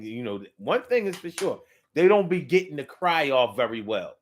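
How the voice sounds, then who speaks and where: A man giving a casual, animated comedic monologue in heavy slang. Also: mid-range voice, normal speed, slight background noise. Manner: animated, slangy, repetitive storytelling. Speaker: comedic commentator.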